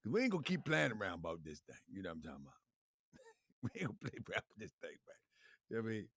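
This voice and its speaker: A man's voice: on the low side, huge pitch swings, very fast, a bit bright, slightly rough, no room sound, studio quality. A man hosting a live stream, talking loosely to his viewers with frequent laughs, repeated phrases and calls of fam. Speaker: livestream show host. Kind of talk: casual livestream talk to viewers.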